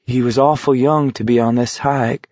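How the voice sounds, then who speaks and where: A man's voice: mid-range voice, fairly even intonation, moderate pace, a little mellow, dry recording, lo-fi sound, lightly acted. A male narrator voicing a plain-spoken young man with folksy, drawling talk.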